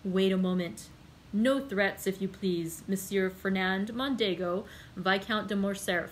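A woman reading as a calm, wry gentleman. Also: mid-range voice, unhurried, a little hiss or hum, lightly acted, rough recording. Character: composed male journalist, calm and wry.

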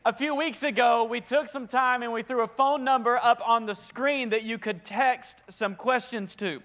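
A young man with a Southern US accent preaching a sermon, talkative and energetic and calling for responses from the congregation. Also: very high voice, moderate pace. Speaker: pastor.

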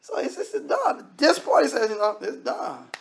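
A man's voice: very high-pitched, sing-song, brisk, a little hiss or hum. A man preaching a sermon in a conversational way, often acting out the voices of the people he quotes.

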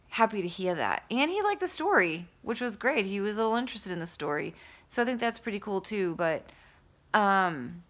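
A woman talking candidly to camera in a casual vlog, rambling with fillers and restarts, openly excited. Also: mid-range voice. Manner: excited and enthusiastic. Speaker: vlogger and author.

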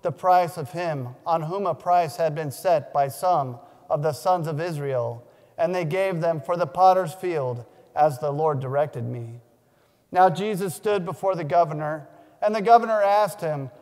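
A man reading the Gospel aloud during a church service, in a solemn, measured way with a few small restarts. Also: sits high, a little mellow. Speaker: scripture reader. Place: large church. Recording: long church reverb.

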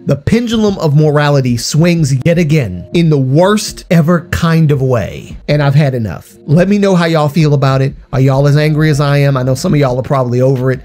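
A man ranting in a commentary vlog, heated and emphatic, his voice slightly hoarse after being ill. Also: on the high side, lively intonation, a little fast, few pauses, darkish tone, soft background music. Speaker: YouTuber.

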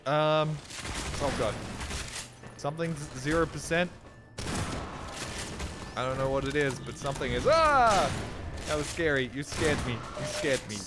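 A man of middle pitch commentates his game live on stream, joking and cursing, and yelping when something startles him. Loud in-game gunfire and clicks run under his voice the whole time. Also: moderate pace, background noise. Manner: jokey, swears often, yelps when startled. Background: video game gunfire and clicks.

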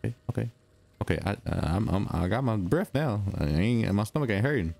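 A young man giving excitable, slangy commentary while playing a video game, talking to himself and hushing when the game gets quiet. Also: on the low side, brisk, gravelly. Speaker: gaming video host. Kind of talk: let's-play commentary.

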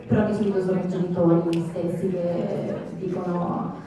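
A woman interpreting for a convention panel, measured and hesitant with fillers. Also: fairly low pitch, level tone. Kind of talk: consecutive interpreting. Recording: echoey convention hall from far off, crowd noise.

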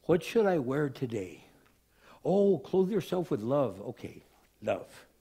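A man preaching a sermon in an animated way, acting out little voices and jokes for the congregation. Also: mid-range voice, slow pace, gravelly, slightly rough. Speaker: pastor.

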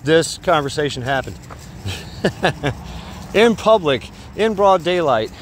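A man's voice: a little high, lively intonation, takes it slowly, slight background noise. A man vlogging while walking his dog outdoors at night, telling a story in a rambling way with lots of fillers and restarts.

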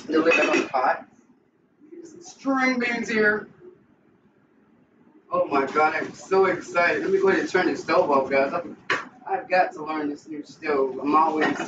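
Gushing man in an echoey kitchen. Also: a little high. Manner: gushing, exclamatory, keeps saying how excited he is. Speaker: home cook channel host. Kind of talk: casual cooking vlog. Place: home kitchen. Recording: echoey kitchen, distant, dull and noisy.

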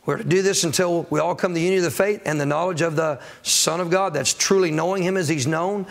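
Man preaching, high voice, gravelly, calls to congregation, sermon. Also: fast. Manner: preaching with call-and-response, acting out churchgoers' excuses. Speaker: pastor. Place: church sanctuary.

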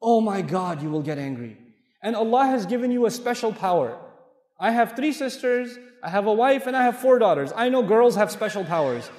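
A man's voice: high-pitched, expressive, a little fast, darkish tone. A middle-aged man giving a playful, story-driven lecture to a mosque audience. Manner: storytelling, playful, acts out dialogue. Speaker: Islamic lecturer. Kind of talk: animated lecture with anecdotes. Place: large mosque hall. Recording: echoey hall from far off.

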